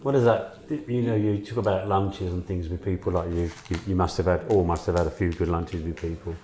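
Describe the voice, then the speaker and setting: A man's voice: deep voice, steady tone, fairly quick, mellow. A man casually telling anecdotes, swearing and laughing often.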